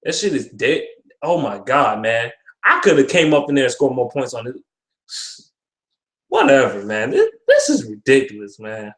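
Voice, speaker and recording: A man's voice: mid-range voice, huge pitch swings, normal speed. A young man ranting with frustration about his football team, profane and repetitive. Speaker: sports fan vlogger. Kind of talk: ranting sports commentary. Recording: echoey room.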